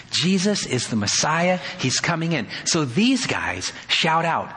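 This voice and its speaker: A man's voice: fairly high pitch, sing-song, a little slow, hardly any pauses. Pastor guy preaching, chatty, asks the crowd questions, long echo off the hall. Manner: conversational preaching with rhetorical questions; acts out quoted shouts in a raised voice. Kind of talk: sermon.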